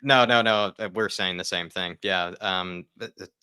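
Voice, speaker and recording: A man's voice: low-pitched, moderate pace, pushed and bright, smooth, dry recording, clean studio sound. A man hosting a casual fan podcast, rambling with many fillers over a remote call. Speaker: podcast host.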